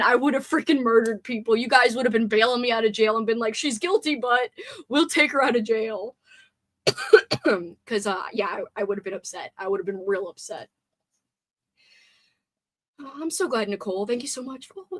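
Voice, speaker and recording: A woman's voice: fairly high pitch, a bit bright. A woman hosting a livestream, chatting casually, reading viewer comments aloud and grumbling with playful swearing. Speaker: livestream host.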